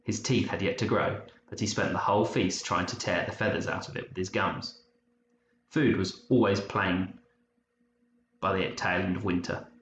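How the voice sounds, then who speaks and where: A man reads an audiobook in a low, measured voice with even storytelling. The recording sounds dull and roomy, with a faint hiss behind it. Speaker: narrator. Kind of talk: audiobook narration.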